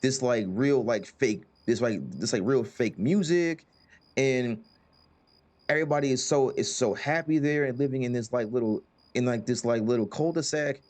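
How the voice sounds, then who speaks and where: A man's voice: mid-range voice, moderate pace, a little mellow. A man hosting a casual gaming chat who rambles, repeats words and leans on fillers. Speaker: host.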